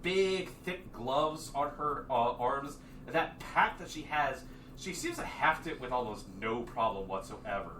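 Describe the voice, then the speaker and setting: A man's voice: mid-range voice, animated, unhurried, sharp tone. A man narrating as game master, describing scenes in a loose, meandering way full of fillers. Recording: echoey room, distant mic, noisy.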